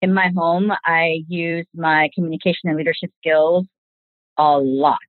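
A woman's voice: deep voice, fairly even intonation, moderate pace, dry recording. A woman in her forties talking earnestly about parenting and communication on a casual podcast, in long reflective sentences. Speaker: podcast guest. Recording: tinny phone-like sound.

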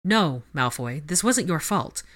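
A woman voicing a gentle young wizard. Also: low-pitched, expressive, unhurried, exaggerated voice. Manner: quiet, gentle, reassuring.

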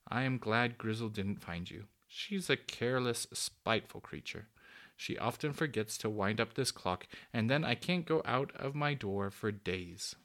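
A man voicing a kindly, lonely old female cuckoo in a storybook, with a soft, cooing, fussy, genteel manner. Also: mid-range voice, animated, unhurried. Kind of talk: storybook reading.

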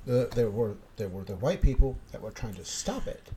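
A man's voice: mid-range voice, lively intonation, moderate pace, mellow, slight background noise, low-quality recording. A man co-hosting a casual podcast chat, rambling and joking, laughing often. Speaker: podcast co-host.

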